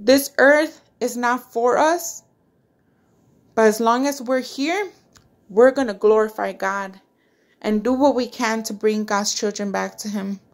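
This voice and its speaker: A woman's voice: fairly high pitch, unhurried. A woman giving an impassioned, prayerful devotional talk to her online followers, repeating her phrases and tenderly calling them precious family. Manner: fervent, repetitive, prayerful. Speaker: online faith vlogger.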